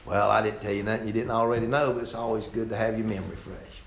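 A man preaching a fiery sermon, jumping from loud outbursts to low, quiet asides. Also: fairly even intonation, quick pace, vocal fry, hardly any pauses, a little hiss or hum. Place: church sanctuary. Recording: roomy church echo.

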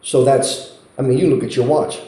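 A man's voice: medium pitch, steady tone, normal speed, mellow. A man preaching a sermon, telling a story with impassioned, pleading emphasis. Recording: roomy hall echo.

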